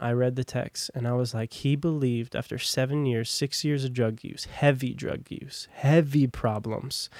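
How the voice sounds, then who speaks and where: Young man, podcast guest, rambling casual testimony, lots of fillers, dry close sound, mid pitch. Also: a little mellow, no echo. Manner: casual, rambling, heavy on "like" and "long story short". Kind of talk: personal testimony storytelling.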